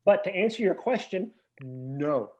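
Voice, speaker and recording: A man guesting on a casual podcast chat, ranting in a mock-indignant, animated way. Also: high-pitched, unhurried. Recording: dull lo-fi sound.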